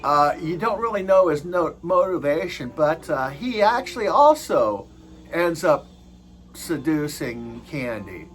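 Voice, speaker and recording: A man's voice: a little high, sing-song, unhurried, faint music behind, low-quality recording. A man giving a casual movie review, hesitant and full of filler sounds.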